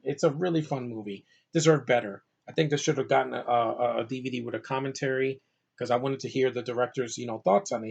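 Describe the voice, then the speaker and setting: Man, movie reviewer, casual vlog, mid pitch, enthusiastic, rambling, lots of fillers, a bit tired.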